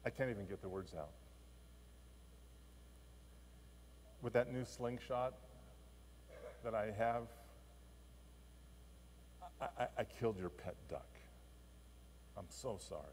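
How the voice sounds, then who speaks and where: A man voicing a guilty young boy who speaks in a halting, anguished way. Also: lowish voice, a little mellow, slight background noise, natural voice. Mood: tearful. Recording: long church reverb.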